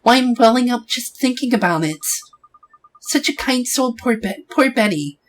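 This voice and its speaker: A man's voice: very high voice, lively intonation, normal speed, pitched above the performer's own voice, poor audio. A man voicing a fussy, gossipy old woman neighbor who chatters on sympathetically, in a game playthrough.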